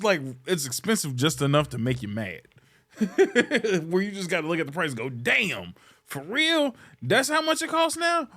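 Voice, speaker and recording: A man hosting a podcast, ranting in a casual, comedic way. He swears freely and sounds exasperated. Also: high voice. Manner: profane, exasperated, animated complaining. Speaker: podcast host.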